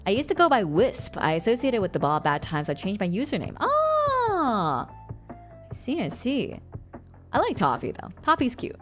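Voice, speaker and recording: A young woman livestreams in a mid-range voice at a brisk pace, chatting casually and animatedly with viewers, reading their messages aloud and laughing often. Faint music plays behind her.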